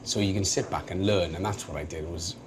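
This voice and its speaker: A man's voice: deep voice, steady tone, fairly quick, background noise. A Welsh man in his forties, an actor chatting casually in an interview, self-deprecating and jokey with many restarts. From Wales. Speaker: actor guest.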